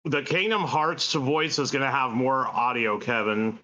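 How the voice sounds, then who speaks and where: Male co-host, bright tone, easygoing and offhand. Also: mid-range voice, unhurried, highs cut off. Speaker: podcast co-host. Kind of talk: casual livestream chat.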